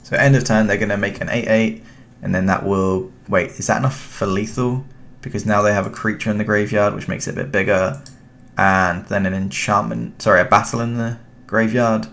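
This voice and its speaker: A young British man gives relaxed commentary on his card game, talking to himself and his opponent as he plays. His voice sits low with plenty of gravelly fry. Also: a little fast, few pauses. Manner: relaxed, thinking aloud, chatty with the opponent. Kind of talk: casual gameplay commentary.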